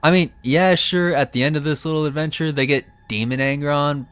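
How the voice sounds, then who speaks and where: A man's voice: a little high, fairly even intonation, fairly quick, fairly bright tone, clean tone. A man ranting about fantasy lore in a sarcastic, profane, comedic commentary style.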